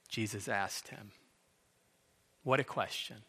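A man's voice: fairly high pitch, lively intonation, unhurried, pushed and bright. A middle-aged man preaching a sermon, telling the story dramatically and acting out the quoted lines. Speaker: pastor. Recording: long hall reverb.

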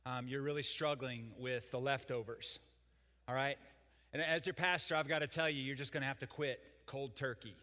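Folksy pastor, bright ringing voice. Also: male voice, medium pitch, fairly even intonation, normal speed, long reverb tail. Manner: folksy, joking, chatty with the congregation. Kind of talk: sermon with jokes.

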